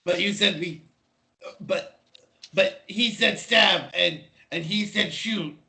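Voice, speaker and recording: A man voicing Twang, a naive, childlike male performer who talks in simple, halting broken sentences. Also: sits high, gravelly, sharp tone, full character voice. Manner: simple halting speech, dropped articles. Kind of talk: in-character tabletop role-play.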